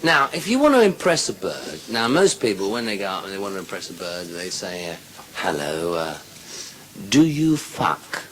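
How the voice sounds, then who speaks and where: A man's voice: deep voice, very animated, fast talker, few pauses, background noise. A male stand-up comedian telling crude, swear-filled jokes on stage. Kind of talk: live stand-up joke telling. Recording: live show with loud audience. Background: loud crowd laughing.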